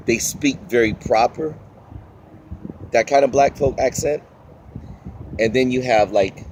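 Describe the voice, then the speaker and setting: Man, Washington DC accent, fairly low voice, casual rambling vlog. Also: slight background noise. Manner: rambling, searching for words. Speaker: vlogger.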